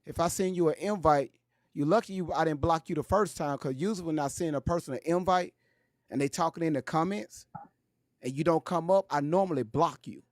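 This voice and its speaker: Pressing livestream host with a dry sound. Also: male voice, fairly high pitch, fairly quick, dry recording. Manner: pressing, repetitive questioning. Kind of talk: livestream talk.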